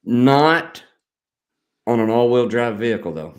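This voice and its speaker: A man hosting a casual live stream, joking around, rambling and reading viewer comments out loud. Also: mid-range voice, lively intonation, unhurried.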